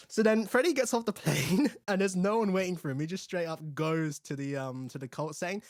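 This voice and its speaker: A young man hosting a casual film review, chatty and animated, acting out the characters' lines. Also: high-pitched, fairly quick, few pauses, dry recording, studio quality. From England. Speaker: host.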